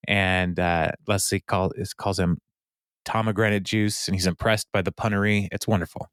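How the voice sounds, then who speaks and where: A man with a lowish, smooth and clear voice talks through a TV episode in a relaxed podcast chat. He acts out the characters' lines as he goes. His voice sits close and dry on the mic, with no room sound. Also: moderate pace, no room sound. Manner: retells scenes animatedly, acting out characters' lines with laughs. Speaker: podcast co-host. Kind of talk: casual recap chat.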